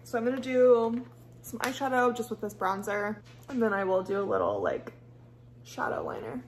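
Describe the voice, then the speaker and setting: A woman's voice: fairly high pitch, very animated, normal speed, slight background noise. A young woman from the US Midwest with a Valley girl accent, chatting casually and rambling while doing her makeup at home. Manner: chatty, rambling, heavy use of "like". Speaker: beauty vlogger. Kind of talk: casual get-ready-with-me chat.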